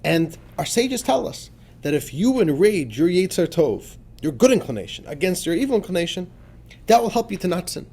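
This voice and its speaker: A male rabbi leads a class on a sacred text with a higher-pitched voice. He talks emphatically, dropping to hushed asides and then surging into fervent, urgent stretches. His delivery swoops widely up and down. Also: sing-song, moderate pace, vocal fry. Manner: emphatic, swings between quiet asides and fervent outbursts. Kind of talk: animated religious lesson.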